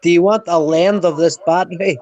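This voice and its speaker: A man's voice: high-pitched, fairly even intonation, a little fast, a little mellow, highs cut off. An Irish man co-hosting a casual livestream, mumbling, profane and bantering. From Ireland. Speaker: livestream co-host.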